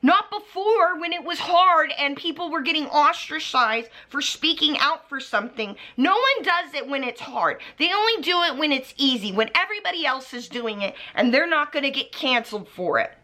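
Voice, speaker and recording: Her high, pushed, bright voice barely pauses as a young woman beauty vlogger launches into an angry rant to camera at normal speed, animated throughout. She swears freely, points at the camera, and names people she's calling out, recorded on the camera mic while facing it.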